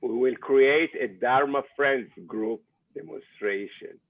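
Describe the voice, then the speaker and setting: A man taking part in an online class over a video call, speaking haltingly. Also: medium pitch. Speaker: class participant. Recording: tinny phone-like call audio.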